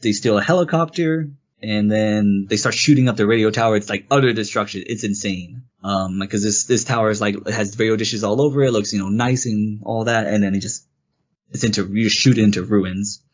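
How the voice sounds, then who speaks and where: Guy co-hosting a game podcast, kinda low voice, rambly retelling, muffled sound. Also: a little fast. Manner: rambling, animated retelling with quoted character lines. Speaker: podcast co-host. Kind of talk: casual game review chat.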